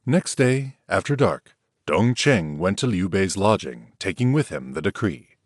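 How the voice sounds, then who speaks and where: A man with a low voice narrates a historical epic as an audiobook. His delivery is very animated, with pitch swinging widely and rising sharply for quoted speech. The recording is dry and close, with no room sound. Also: a little slow, no room sound. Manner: lifts pitch and volume for quoted characters. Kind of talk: scripted dramatic narration.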